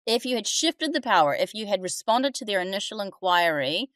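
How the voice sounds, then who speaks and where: A woman in mid-pitch range hosts a casual podcast, coaching on front-desk phone calls. She talks in an animated, chatty way, slipping into little acted-out calls. Her voice sits close and dry, with no room sound. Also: a little fast, no room sound. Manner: animated, acts out phone calls, laughs often. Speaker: dental front-desk trainer and podcast host.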